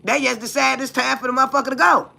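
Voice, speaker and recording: A woman streamer from the United States talks bluntly, with plenty of profanity, and keeps firing questions at her viewers. Her voice is gravelly with heavy fry, and it sits very bright and tense at the front. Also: high-pitched, fairly even intonation, fast talker. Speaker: livestream host. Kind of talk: casual livestream talk.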